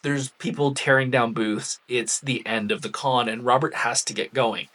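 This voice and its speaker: A man with a bright, crisp voice tells a fan story to camera in a casual, chatty way. He sounds animated and easygoing, like a vlogger talking to his regular viewers. His pitch sits in the middle of the usual range for men. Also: moderate pace. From Canada. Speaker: cosplay vlogger.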